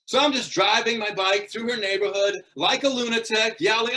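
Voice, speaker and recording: A man's voice: high voice, a little fast, few pauses. A man telling a humorous true story as a guest speaker at a speaking club, building to punchlines. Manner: animated, punchline-driven storytelling.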